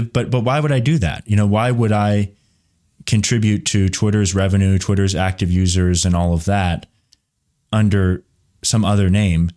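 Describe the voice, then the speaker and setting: Reading questions that viewers post in the chat, this male host of a live commentary show talks in a rambling, filler-heavy way. His voice sits low with a darkish tone.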